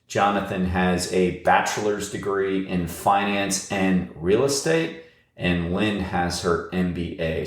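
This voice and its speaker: A man's voice: low-pitched, roomy sound. A man hosting a podcast and interviewing a guest in a chatty, rambling way, with plenty of uhs. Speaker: podcast host and running coach.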